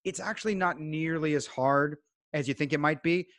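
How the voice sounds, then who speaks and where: A man guesting on a podcast, giving calm, measured advice in casual chat. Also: on the high side, dry recording. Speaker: guest home inspector.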